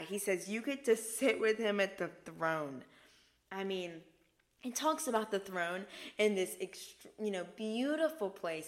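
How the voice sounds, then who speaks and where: Earnest young woman teaching scripture. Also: medium pitch. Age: young adult. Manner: earnest and emphatic, dropping to a soft hush for key points. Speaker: podcast host. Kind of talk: faith podcast teaching.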